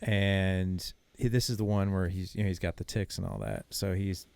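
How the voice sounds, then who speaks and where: A man's voice: deep voice, moderate pace, creaky, smooth, no echo. A middle-aged man, a podcast guest, telling a story casually and acting out the dialogue. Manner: animated, acts out quoted dialogue.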